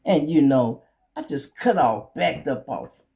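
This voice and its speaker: A man's voice: mid-range voice, very animated, unhurried, gravelly, warm tone. A male show host telling a blunt, profane comedic story in a streetwise manner.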